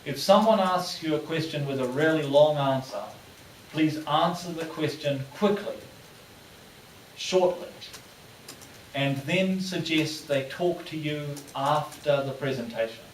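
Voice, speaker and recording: A man's voice: on the high side, a little slow, slight background noise. A male lecturer giving a classroom lecture with a patient, plain instructive delivery. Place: lecture room. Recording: echoey room from far off.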